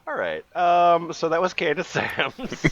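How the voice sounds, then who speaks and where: A man's voice: a little high, very animated, slow pace, fairly bright tone, muffled recording. A man co-hosting a comedy podcast, reading a review aloud with frequent ums and uhs. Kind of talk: casual comedy podcast banter.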